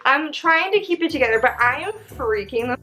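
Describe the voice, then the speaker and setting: A young woman tells a travel story in a casual vlog, chatty and quick to swear. Her voice sits fairly high, and she plays out her own quoted lines as she goes. Faint music runs underneath. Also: lively intonation, bright, forceful tone, poor audio. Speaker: vlogger telling a travel story.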